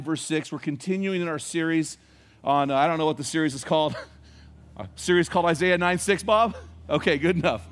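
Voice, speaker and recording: A pastor with a fairly high male voice preaches in a folksy, conversational storytelling style. He leans hard on key words for emphasis.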